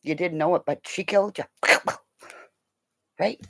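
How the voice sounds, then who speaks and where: A woman telling a long, rambling story in a casual way. She laughs often and bursts into loud quoted lines. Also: fairly low pitch, unhurried, vocal fry, no echo.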